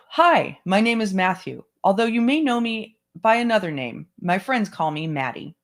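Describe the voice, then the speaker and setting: A book club host reading a memoir aloud at a measured pace, with brief asides to listeners. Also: medium pitch, sing-song. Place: home setup, online stream.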